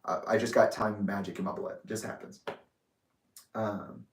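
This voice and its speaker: A man's voice: on the low side, fairly even intonation, moderate pace. Candid young man rambling in an echoey room. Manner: rambling and candid, with restarts and swearing. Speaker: vlogger. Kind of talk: personal reflective monologue. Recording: roomy echo, distant from the mic.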